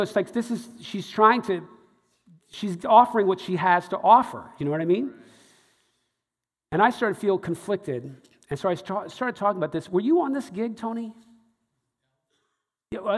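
A man telling a long, rambling story live to a room, full of ums and restarts. His voice sits a bit high for a man. A long hall reverb trails after every line. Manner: rambling, lots of fillers and restarts, animated. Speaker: storyteller, stage show producer. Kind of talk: live anecdote to an audience.

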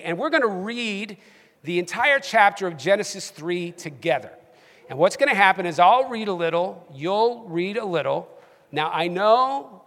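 A man preaching a sermon to his church congregation with animated emphasis. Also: high-pitched, in a large hall. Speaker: pastor. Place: church sanctuary.

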